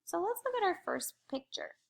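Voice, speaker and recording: A young adult woman teacher slowly modeling letter sounds in a phonics lesson. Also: very high-pitched, big pitch swings, gravelly. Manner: slow, careful modeling of sounds.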